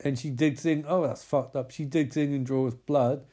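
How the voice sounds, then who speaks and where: A man's voice: mid-range voice, steady tone, normal speed, mellow. A man rambling through a comic film recap, swearing and interrupting himself. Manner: rambling, profane, self-interrupting.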